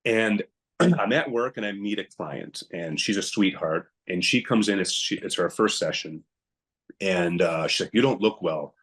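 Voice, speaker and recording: A young man with a very deep voice appears as a podcast guest, telling a difficult story from his own life. His delivery is blunt and emphatic, and he frequently reenacts what he said back then. He speaks a touch slowly, with a slightly bright tone.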